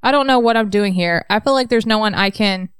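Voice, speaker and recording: A rueful young male rocker voiced by a woman reading aloud, rambling through a voicemail in a wry, self-mocking way. The voice is smooth and clear, and the recording is close and dry. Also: medium pitch, fairly quick, dry recording, lightly acted.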